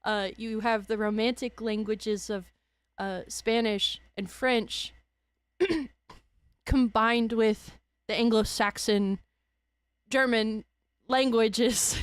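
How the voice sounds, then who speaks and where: A woman's voice: on the high side, steady tone, slow pace, long pauses, clear, resonant tone, no echo. A young woman from Louisiana with a Cajun accent, chatting casually as a streamer, rambling, correcting herself and laughing often. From Louisiana, USA. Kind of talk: casual chat.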